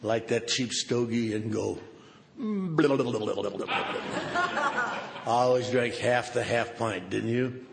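Older man, gravelly sardonic storyteller. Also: fairly low pitch, steady tone, a little slow, hardly any pauses. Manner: sardonic, punchy comic delivery. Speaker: recovery meeting speaker. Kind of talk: humorous storytelling talk. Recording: reverberant hall with background noise.

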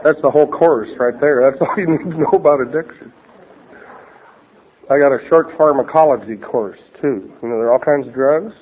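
A man's voice: medium pitch, fairly quick. A man telling a funny personal story as a speaker at a recovery meeting, with a wry, punchline-driven delivery. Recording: tinny phone-like radio audio with crowd and noise.

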